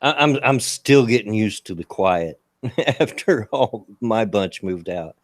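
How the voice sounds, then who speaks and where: A middle-aged man with a Southern US accent co-hosting a casual chat, laid-back and halting, laughing easily. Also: fairly low pitch, animated, dry recording, clean studio sound. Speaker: podcast co-host.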